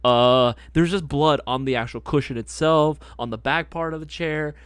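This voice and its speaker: A man hosting a casual live stream chat, telling stories in an animated way, swearing freely and laughing often. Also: fairly high pitch, moderate pace, no room sound. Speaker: host.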